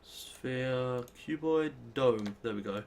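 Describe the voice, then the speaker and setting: Rambling British lad narrating gameplay. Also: male voice, medium pitch, slow pace, a little mellow, slight background noise. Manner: rambling, self-deprecating, thinks aloud while playing. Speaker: let's play host. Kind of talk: casual gameplay commentary.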